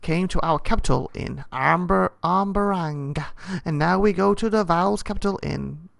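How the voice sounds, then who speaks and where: A man's voice: high-pitched, moderate pace, vocal fry, a bit bright, dry recording, clean studio sound, full character voice. A man reading a bored, haughty young prince's lines in a raised, slightly pouty voice. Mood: weary, haughty.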